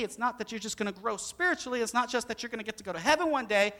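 Man, middle-aged, preacher, sermon, high voice, animated, loud-to-hushed swings. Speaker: pastor.

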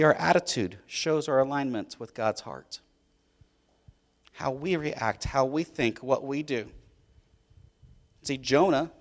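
A man preaching a sermon as a pastor, telling a story in an animated way and swinging between loud and hushed. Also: a little high.

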